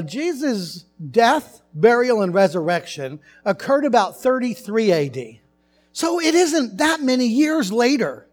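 A male pastor preaching a sermon in his church, telling stories in a conversational way with animated asides. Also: high voice. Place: church sanctuary.

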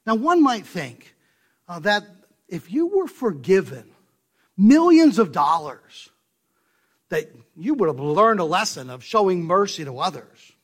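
A male pastor preaching a sermon, emphatic and full of rhetorical questions, dropping to soft low asides and rising to loud stressed points. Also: sing-song, unhurried.

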